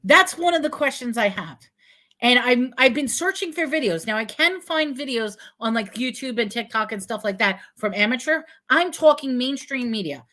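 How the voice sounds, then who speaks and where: A woman hosting a live online chat, talking in an animated, questioning way. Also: fairly high pitch, normal speed. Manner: animated, questioning, puts on a cutesy sing-song for props. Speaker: host. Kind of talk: casual live-stream chat.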